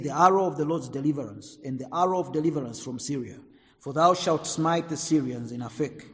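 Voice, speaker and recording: Man, preacher; somewhat high voice, dramatic loud-soft swings, long hall reverb. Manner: dramatic swings between loud emphasis and quiet asides. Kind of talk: sermon.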